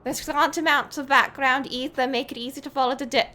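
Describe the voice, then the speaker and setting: A woman putting on a perky, high-pitched airship engineer. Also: fairly even intonation, fairly quick. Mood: chipper. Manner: bright, bouncy, emphatic delivery.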